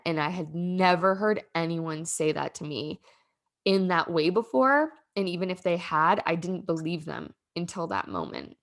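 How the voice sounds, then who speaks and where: The speaker, a young woman who hosts a podcast, has a fairly low, expressive voice and a moderate pace. Emotional and at moments near tears, she rambles casually through a heartfelt personal story, leaning heavily on "like."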